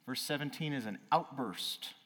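Animated man preaching in a big hall. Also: medium pitch, moderate pace. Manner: animated, swings from loud exclaiming to quiet. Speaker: pastor. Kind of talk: sermon. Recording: reverberant hall.

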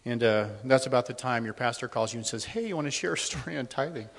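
A man's voice: medium pitch, fast, gravelly, slight background noise. A middle-aged man sharing a personal testimony with a congregation in a church, speaking conversationally and a little nervously. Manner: conversational and a little nervous, with many ums and restarts. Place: church hall. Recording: long hall reverb.

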